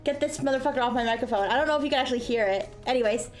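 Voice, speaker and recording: A woman streamer chatting casually at her desk microphone, telling an animated story and acting out the people in it. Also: on the high side, racing. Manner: animated storytelling, acts out yelling voices. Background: soft music.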